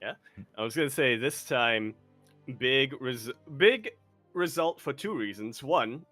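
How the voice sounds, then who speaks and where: A man co-hosting an esports podcast, chatting casually with jokey, animated asides. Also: medium pitch, measured pace, no echo, faint music behind. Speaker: podcast co-host.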